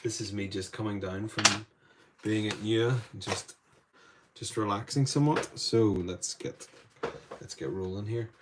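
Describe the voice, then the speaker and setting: A man's voice: lowish voice, measured pace, heavy background noise. Chatty Northern Irish man streaming live. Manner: chatty, rambling, greeting viewers by name. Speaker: art tutor streaming live. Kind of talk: casual live painting demo chat.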